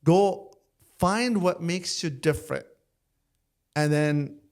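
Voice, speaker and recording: A man's voice: a little high, takes it slowly. A man co-hosting a podcast, chatting casually and answering in short, easy replies. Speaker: podcast co-host, entrepreneur. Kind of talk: casual chat.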